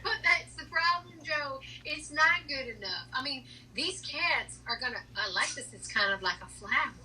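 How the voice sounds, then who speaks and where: A woman doing a comedy impression of a nagging female big-cat sanctuary owner, scolding in a rambling, deadpan way. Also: sits high, moderate pace, far from the mic, slight background noise, exaggerated voice, low-quality recording.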